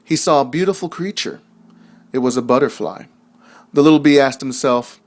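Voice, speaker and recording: A young man reads a children's storybook aloud in a gentle, measured way. His voice sits at an ordinary middle pitch for a man. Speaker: narrator. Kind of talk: storybook narration.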